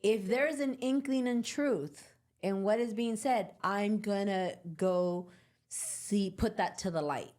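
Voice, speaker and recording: A woman's voice: medium pitch, slow, darkish tone. A woman hosting a podcast, talking in a reflective, earnest way and speaking straight to her listeners. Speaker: podcast host and course creator. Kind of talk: casual podcast conversation.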